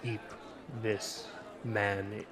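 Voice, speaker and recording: A man's voice: fairly low pitch, level tone, very slow, crowd noise. A man narrating a tabletop game as game master, laid-back with many fillers.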